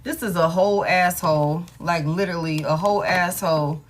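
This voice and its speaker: A woman's voice: on the low side, fairly even intonation, a little fast, slight background noise. Woman, 30s, tarot-stream host; blunt, profane, laughing, casual delivery. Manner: candid and profane, laughs often, talks straight to her viewers. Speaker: tarot reader hosting a live stream.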